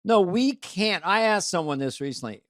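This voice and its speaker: Man, playful co-host, fond of impressions, a bit high-pitched, dry sound. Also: expressive, normal speed, a bit bright, dry recording. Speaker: podcast co-host. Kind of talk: casual comedic chat.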